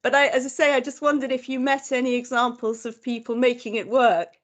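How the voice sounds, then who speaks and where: Woman, somewhat high voice, enthusiastic, chatty seminar question. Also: steady tone, fairly quick. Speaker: seminar participant asking a question.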